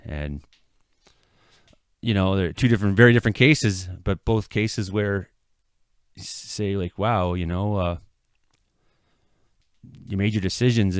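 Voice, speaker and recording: A middle-aged man from Canada, a local weather vlogger, giving an earnest, halting apology that swells into impassioned outbursts. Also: deep voice, smooth, no room sound, studio quality. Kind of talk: emotional apology monologue. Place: his home.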